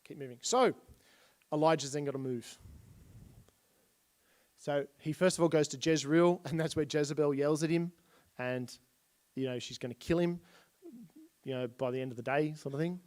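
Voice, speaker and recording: A man's voice: on the high side, moderate pace, pauses often, a little mellow. A man giving a casual Bible history lesson at a church. He retells stories in plain everyday speech while pointing at slides.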